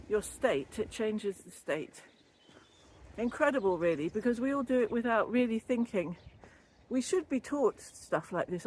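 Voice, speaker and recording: Out walking by a canal and a little winded, this older woman, a wellbeing vlogger who trained as a yoga teacher, chats in a rambling, laugh-prone way about wellbeing. Her voice is on the high side with a darkish, slightly rough tone. It's casual walking vlog talk, picked up by a built-in camera or phone mic rather than a separate microphone.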